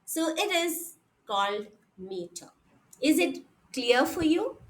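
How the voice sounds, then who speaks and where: A woman's voice: high-pitched, sing-song, slow pace, low-quality recording. A woman giving an online lecture, explaining step by step, repeating points and checking in with her students.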